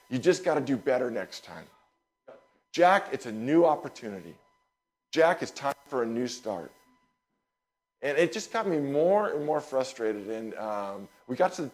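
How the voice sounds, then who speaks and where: Animated storytelling man preaching. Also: mid-range voice. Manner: animated storyteller, repeats words, quick asides. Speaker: pastor. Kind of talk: sermon storytelling.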